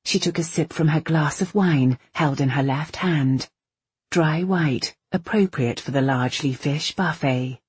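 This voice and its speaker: Casting: low, husky female audiobook narrator, steady, dry close sound. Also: unhurried, no room sound. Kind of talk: scripted narration.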